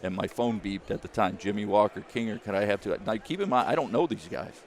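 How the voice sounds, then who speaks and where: A man, a former caddie turned business founder, telling a lively story in an interview and acting out the people he quotes. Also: fairly low pitch, fast, a little hiss or hum. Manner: animated storyteller, acts out quoted voices.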